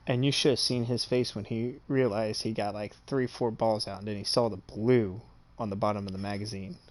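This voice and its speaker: A streamer with a lowish, steady voice tells a story briskly, bragging about his own experience with plenty of profanity. Amused throughout, he frequently checks in with his listener using "okay?"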